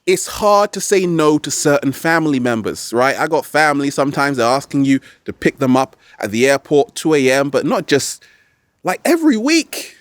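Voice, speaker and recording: A man giving motivational advice as a vlog host, animated and playful, recorded outdoors in nature. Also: medium pitch, normal speed, hardly any pauses, no echo. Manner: animated, playful, slips into exaggerated quoted voices. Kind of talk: motivational talk to camera.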